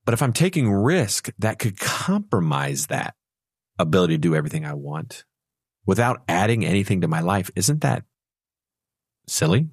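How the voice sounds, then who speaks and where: Low-voiced, playful male advisor. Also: sing-song, normal speed, husky, no echo, studio quality. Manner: storytelling, playful, laughs at his own jokes. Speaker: financial advisor co-host. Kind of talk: conversational radio talk.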